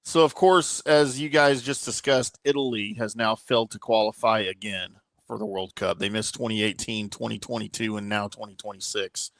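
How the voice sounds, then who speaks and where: Joking co-host guy, wry takes, gravelly, dry studio sound. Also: fairly low pitch, steady tone, normal speed, hardly any pauses, a bit bright, no room sound, low-quality recording. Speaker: sports show co-host. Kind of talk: casual sports radio chat.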